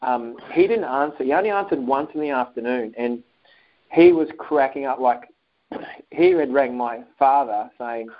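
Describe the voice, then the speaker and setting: The audio is dull and lo-fi as a man speaks at normal speed in a mid-range voice. A guest in a relaxed interview, he recounts a personal story with energy, performing phone calls and quotes.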